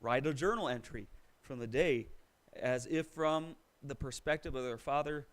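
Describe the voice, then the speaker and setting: A man leading a relaxed church Bible study, encouraging people and laughing easily. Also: medium pitch, moderate pace, poor audio. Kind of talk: casual class discussion.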